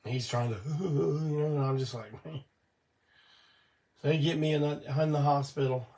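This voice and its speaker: Gravelly older man, weak voice. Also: on the high side, fairly quick, warm tone, distant mic. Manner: rambling, folksy, swears casually. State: weak voice from illness and cough syrup. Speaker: host of a weekly live show. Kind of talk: casual storytelling on a livestream.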